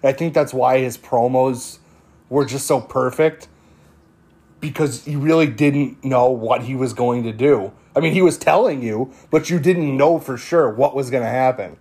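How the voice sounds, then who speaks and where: A man hosting a casual interview, who chats in a relaxed way, agrees and swears. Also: medium pitch, normal speed, slightly rough. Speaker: interviewer, host.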